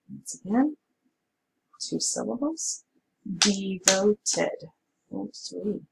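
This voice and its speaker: Slow, gravelly-voiced woman teacher. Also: lowish voice, heavy background noise. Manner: patient, sounds words out slowly. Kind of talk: recorded spelling lesson.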